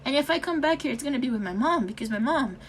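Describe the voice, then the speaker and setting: A woman's voice: high-pitched, lively intonation, quick pace, slight background noise. An American woman in her young adult years ranting frustrated in a vlog, swearing a lot, sighing, and slipping Tagalog words into her English. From United States. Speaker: vlogger.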